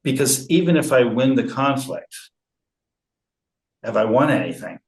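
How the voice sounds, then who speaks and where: A man speaking in an interview about conflict resolution, slow and measured, with frequent fillers and restarts. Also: medium pitch, lively intonation, roomy sound, low-quality recording. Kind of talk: relaxed interview talk.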